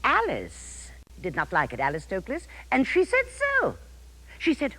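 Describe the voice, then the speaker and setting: An older actress in her eighties delivers a declamatory theatrical monologue. Her voice swoops dramatically from high to low. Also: huge pitch swings, moderate pace, a bit bright, dry recording, low-quality recording. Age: 80s.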